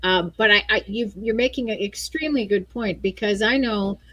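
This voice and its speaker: A woman's voice: medium pitch, moderate pace, a bit bright, no room sound, dull audio. A woman from Canada, a guest musician talking in a casual chat, restarting her sentences often and laughing easily. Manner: chatty, self-correcting, laughs easily. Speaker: featured artist guest. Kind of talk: casual video call chat.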